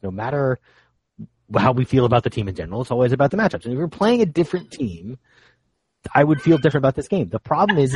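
A man's voice: mid-range voice, a little mellow, husky, no room sound, low-quality recording. A man hosting a casual sports podcast over a remote call. He talks loosely and jokes around. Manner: laughs often, loose and jokey. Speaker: podcast host.

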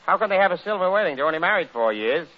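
A radio comedian with a high-pitched, racing voice rambles animatedly through a comic monologue and a one-sided phone call, joking from story to story. It's a dull, lo-fi old radio recording with faint hiss underneath.

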